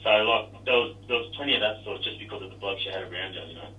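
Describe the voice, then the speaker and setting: Brief man, ex-footballer guest, lower voice, bright edge, echoey remote line. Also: fast, recorded from a distance, highs cut off, a little hiss or hum. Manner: rambling, self-deprecating, many restarts. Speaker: former rugby league player, guest. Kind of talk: casual interview chat.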